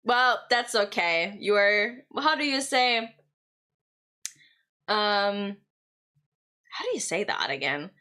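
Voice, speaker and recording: A woman's voice: medium pitch, animated, takes it slowly, long pauses, bright, forceful tone. A young woman, chatting casually and playfully with her stream viewers and giggling often. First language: German.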